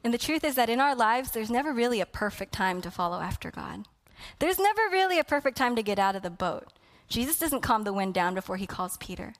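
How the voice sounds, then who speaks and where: A woman's voice: a little high, sing-song, fairly quick. Impassioned woman preaching a sermon. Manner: impassioned, swinging from hushed to loud emphasis.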